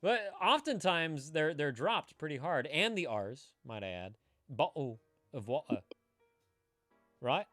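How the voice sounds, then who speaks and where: A man's voice: fairly high pitch, very animated, measured pace, few pauses, bright, forceful tone, dry recording, soft background music. A man co-hosting a live stream, joking around, laughing often and swearing casually. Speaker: co-host.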